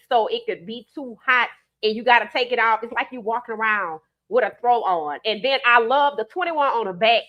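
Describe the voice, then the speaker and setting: A woman with a New Orleans accent hosting a live stream, giving emphatic, animated commentary and reading out viewer comments. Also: on the high side.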